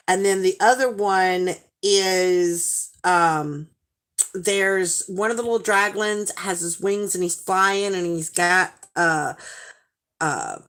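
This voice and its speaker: A woman in her forties with a Southern accent, chatting casually with viewers on a livestream and telling stories in a lively, animated way. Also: mid-range voice. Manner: chatty, animated storytelling with frequent laughs. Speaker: livestream host.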